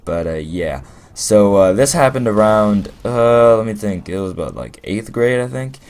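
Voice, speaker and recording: A man's voice: fairly low pitch, lively intonation, moderate pace, a little mellow, clear, resonant tone. A young man telling a rambling, playful story as casual gameplay commentary, full of fillers. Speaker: gaming commentator.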